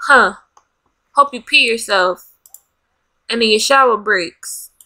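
Woman gamer host, high and bright, unhurried let's-play commentary, dramatic and bossy toward the characters. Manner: dramatic, bossing and scolding the game characters. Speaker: gaming channel host. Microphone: desk USB microphone.

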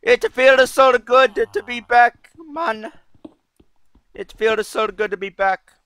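A man putting on a joking accent voice, pitched up and exaggerated. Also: slow, pushed and bright, smooth, full character voice. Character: brash man in a put-on joke accent.

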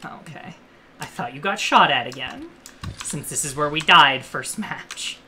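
A woman's voice: sits low, animated, unhurried, bright, forceful tone. A woman streamer in casual gaming chat, playful and swearing freely. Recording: clear keyboard typing behind.

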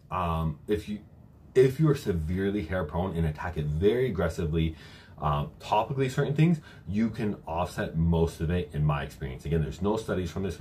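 A young man coaches viewers through a live-stream Q&A from home, reading chat questions aloud and answering casually with lots of fillers. His low-pitched voice is a little mellow, and he's briefly out of breath. There's a little hiss or hum.

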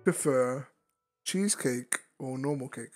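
A man's voice: medium pitch, unhurried, no room sound, soft background music. A man hosting a casual VR game chat, playful and teasing as he fires off questions. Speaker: host.

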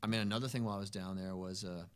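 A man's voice: fairly low pitch, steady tone, rapid-fire, smooth. A man, a musician guest in a casual interview, telling stories in an easygoing, rambling way. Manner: easygoing, rambling, peppered with "you know" and "man".

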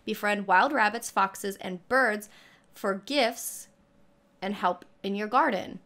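A young woman with a mid-range voice reacts to a trailer on her gaming YouTube channel, reading it out slowly. She is a little breathless, gushing and squealing with excitement.

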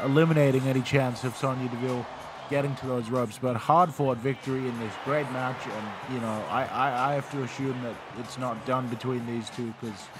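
A man's voice: mid-range voice, noisy background. A man doing casual play-by-play commentary on a wrestling video game, rambling with fillers and restarts.

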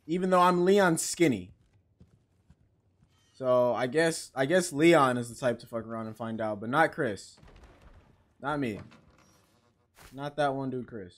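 A man giving casual let's-play commentary, excitable, swearing and reading game text aloud. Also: mid-range voice, measured pace, pauses often. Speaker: gaming channel host.

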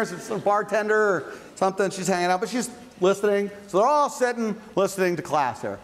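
A man's voice: sits high, expressive, fairly quick, hardly any pauses. A man lecturing as a university psychology professor, talking in a conversational, playful way with frequent asides. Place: large lecture hall. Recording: echoey lecture hall.

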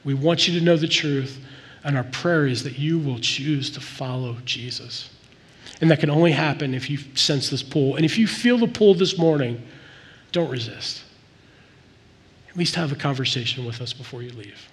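A man's voice: medium pitch, moderate pace. A man preaching a sermon as the pastor, earnest and conversational, with plain-spoken asides to the congregation. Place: church sanctuary. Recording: church hall with long reverb.

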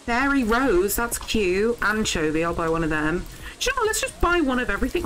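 A young woman streaming a farming game, chatting casually to viewers, excitable and swearing freely. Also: medium pitch, fairly quick, soft background music, low-quality recording. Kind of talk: casual live game commentary.

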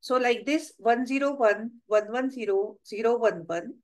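Working through examples step by step, a middle-aged Indian English–accented woman delivers a slide-based webinar lecture about the history of mathematics. She speaks at a moderate pace in a fairly high voice, captured on a low-quality recording.

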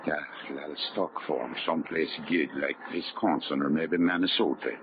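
An actor playing a humble, hardworking sailor who dreams of a farm, speaking earnest broken in a 1930s radio drama. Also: male voice, rumbling low, normal speed. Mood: wistful. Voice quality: broken English, pleading. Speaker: ship worker. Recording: tinny 1930s radio broadcast, hiss.

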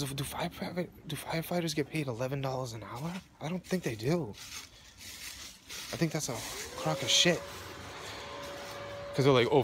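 A young man vlogging outdoors in the cold on his phone, shivering as he rambles and swears in a heated rant. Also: fairly high pitch. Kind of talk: casual rambling rant to camera. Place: outdoors in the cold near traffic. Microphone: phone camera. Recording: noisy outdoor phone recording with traffic.

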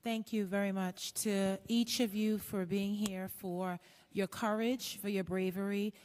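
A woman chairing a council committee hearing, speaking in earnest, measured formal remarks with some filler ums. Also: medium pitch, fairly even intonation, a little mellow. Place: large council chamber. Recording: long echo of a large hall.

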